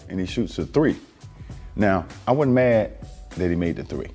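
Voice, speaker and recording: Deep-voiced man telling a lively story. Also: normal speed, soft background music. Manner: animated, laughing storyteller. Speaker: former pro basketball player. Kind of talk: storytelling interview clip.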